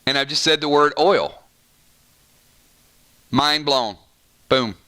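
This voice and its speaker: A man's voice: a little high, takes it slowly, bright, forceful tone. A man with a Southern American accent, hosting a casual live-stream chat and playfully arguing opinions with viewers. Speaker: gaming channel host.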